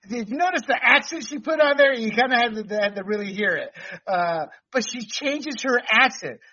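A man's voice: high-pitched, bright, forceful tone, dull audio. A man hosting a casual talk show, rambling off topic and laughing often. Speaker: podcast host. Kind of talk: casual chat.

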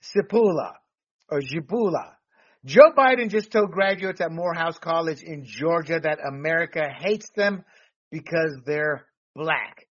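A man hosting a political commentary podcast, talking in an animated, rambling way with restarts and laughs. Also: a little high, unhurried, breathy edge. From Latino background. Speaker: podcast host. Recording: dull lo-fi sound.

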